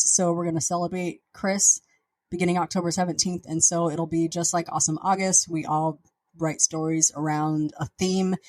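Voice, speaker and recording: A chatty woman hosting her own podcast, wandering from one thought to the next with plenty of "um"s and restarts. Her voice sits a little low, and the recording is dry and close. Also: a little mellow, dry recording. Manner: chatty, meandering, many fillers and restarts. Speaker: podcast host and author. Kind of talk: rambling casual chat.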